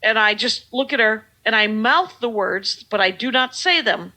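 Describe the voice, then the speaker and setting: A woman telling a story in a casual podcast chat, lively and self-mocking. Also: fairly high pitch, normal speed.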